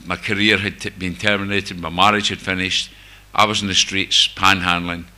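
An older man with a Glasgow-area Scottish accent, from near Glasgow, gives a group testimony about his recovery, candid and self-mocking in a wry way. He has a deep voice with a level tone, speaks at a moderate pace, and sounds pushed and bright.

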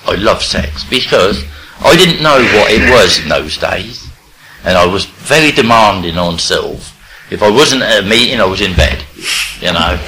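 An older man from England, telling his life story in a rambling, halting way with many restarts. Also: fairly low pitch, noisy background. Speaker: recovery speaker sharing his story. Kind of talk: personal storytelling.

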